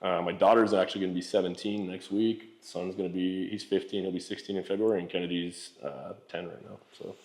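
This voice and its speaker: Fast-talking, low-voiced candid man. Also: little pitch movement, darkish tone. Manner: candid, profane storytelling with frequent fillers. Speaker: real estate entrepreneur guest. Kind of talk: casual podcast conversation.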